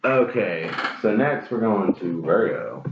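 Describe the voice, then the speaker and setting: A man with a very low voice gives a casual tarot reading, blunt and profane, hammering his points by saying them again. The sound is dull and lo-fi, in a roomy space with a clear hiss underneath. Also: sing-song, takes it slowly. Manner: blunt and profane, repeats phrases for emphasis. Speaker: tarot reader.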